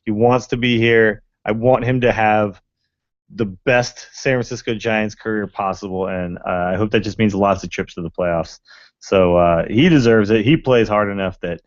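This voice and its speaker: A man's voice: lowish voice, fairly even intonation, normal speed, no room sound. Man, podcast co-host, casual rambling chat, dry lo-fi sound. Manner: enthusiastic, rambling, frequent fillers.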